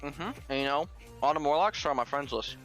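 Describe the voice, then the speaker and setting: Man, bright clear voice, blunt and joking, gaming voice chat, faint music behind. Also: a little high, brisk. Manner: blunt, joking, swears casually.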